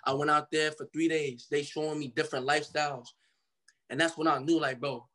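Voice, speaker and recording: A young man from Cincinnati tells his story in a loose, slangy way, acting out the voices of the people he quotes. His voice sits a little on the higher side. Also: steady tone, fairly quick, a bit bright. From Cincinnati, Ohio. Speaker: guest artist. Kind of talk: casual storytelling interview.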